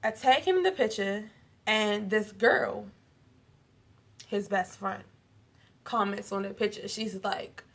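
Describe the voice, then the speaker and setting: A young woman telling a story to the camera in a casual vlog, animated and profane, laughing often. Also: mid-range voice, slow pace, pauses often. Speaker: vlogger.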